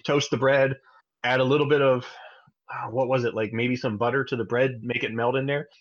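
A man in his thirties chats casually on a podcast, his story bouncing along in an animated way. His voice sits at an ordinary middle pitch. The sound is a little dull and lo-fi. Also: fairly quick. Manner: animated, acts out his child's voice in high pitch. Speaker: podcast co-host.

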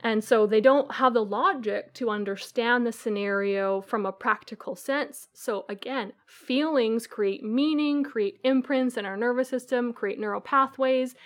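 A woman coach giving an earnest, animated answer in a podcast interview, acting out the voices of her clients. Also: a little high, measured pace, few pauses. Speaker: guest coach.

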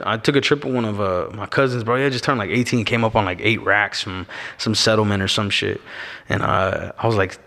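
A man's voice: on the low side, sharp tone. A man from Arizona telling a story as a podcast guest, slangy and laid-back, dropping "bro" and "you know what I'm saying" into every line. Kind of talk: casual storytelling. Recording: long echoing reverb.

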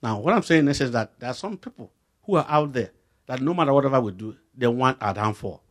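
A man with a Nigerian accent preaching a sermon, his voice swinging from low and quiet to loud emphatic bursts as he acts out dialogues. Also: animated, fast. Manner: acts out back-and-forth dialogues while preaching.

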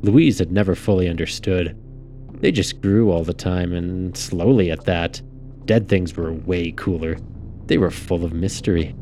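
Deep-voiced man reading a story. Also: unhurried, dark tone, a little hiss or hum. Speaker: narrator.

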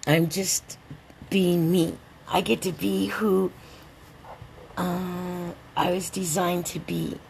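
A woman hosting a rambling solo podcast, a little drunk and stoned, drawling along and breaking into excited outbursts. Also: lowish voice, creaky, slight background noise. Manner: tipsy, meandering, slow drawl with sudden excited outbursts. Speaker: podcast host.

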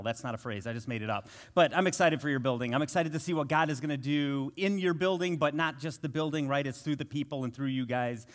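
A man's voice: fairly high pitch, fairly bright tone. A man in his thirties preaching a conversational sermon as a guest, telling self-deprecating jokes and family stories. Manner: joking, self-deprecating storyteller.

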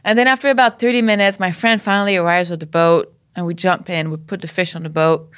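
A woman from Canada, a podcast guest, telling a story in a lively way, laughing often and acting out what people said. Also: fairly low pitch, fast talker, smooth. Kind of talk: casual storytelling.

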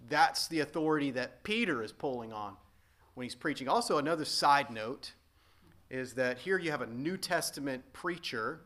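Bright-voiced pastor preaching earnestly. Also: male voice, fairly high pitch. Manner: earnest, emphatic preaching with frequent restatements. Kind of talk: sermon.

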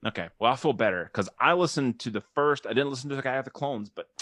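Young male podcast co-host, casual and jokey, mid-pitched voice, dry close sound. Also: animated, fairly bright tone, no room sound. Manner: loose and joking, quick to laugh and goof around. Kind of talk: casual chat.

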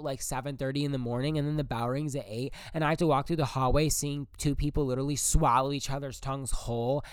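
Blunt, profane young man, crisp dry voice. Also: a little high, no echo. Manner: blunt, profane and rambling, with many "like" fillers. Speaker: podcast host. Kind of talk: casual solo podcast monologue.

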